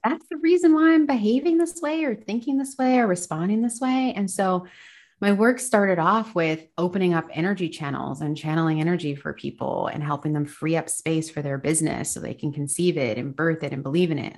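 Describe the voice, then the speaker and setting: Low-voiced woman life coach. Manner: flowing, earnest, laughs easily. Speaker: spiritual life coach, podcast guest. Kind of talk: casual podcast interview.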